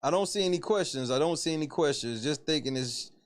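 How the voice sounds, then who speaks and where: A man with a high voice hosts a livestream and talks in a loose commentary style. He mocks, repeats himself and laughs between lines. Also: lively intonation, fast talker. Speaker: show host.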